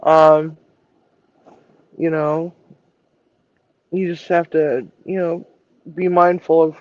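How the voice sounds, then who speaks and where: A man's voice: fairly high pitch, level tone, takes it slowly, a little mellow, muffled recording. A man chatting casually as a guest, hedging loosely with lots of fillers. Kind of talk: casual chat.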